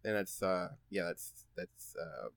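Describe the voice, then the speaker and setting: A man hosting a podcast in casual chat, animated and rambling, and laughing as he tells stories. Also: deep voice, measured pace, gravelly, no room sound, clean studio sound. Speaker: podcast host.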